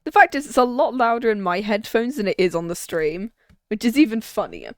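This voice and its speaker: A woman's voice: fairly high pitch, big pitch swings, brisk, no room sound, clean studio sound. Chatty woman streamer reading a game aloud. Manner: chatty, laughs and does character voices. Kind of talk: casual game commentary, reading dialogue aloud.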